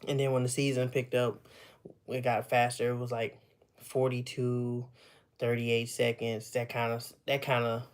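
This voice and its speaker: A man's voice: medium pitch, monotone, measured pace, smooth. A young man, out of breath after a run, chatting casually on a livestream in a tired, rambling way.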